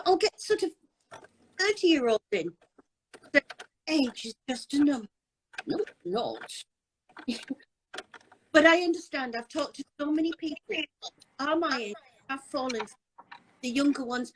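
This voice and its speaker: A woman's voice: high voice, low-quality recording. An older woman talking casually and bluntly about scammers on a live chat. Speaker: anti-scam advocate.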